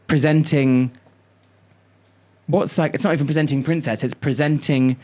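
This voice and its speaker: A male podcast co-host telling stories in casual chat, animated, drawing out words and swearing freely. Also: fairly high pitch, normal speed.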